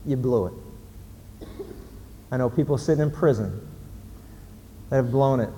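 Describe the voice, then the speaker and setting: A man's voice: medium pitch, a little slow, warm tone. A male pastor preaching a sermon in an emphatic storytelling manner, putting questions to the audience. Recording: reverberant hall, faint background noise.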